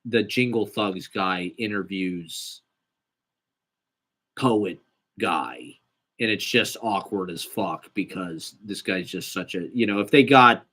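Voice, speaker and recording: A man's voice: sits low, takes it slowly, sharp tone. A young man telling a casual, rambling, profane, self-deprecating story about a small acting job. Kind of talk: casual monologue.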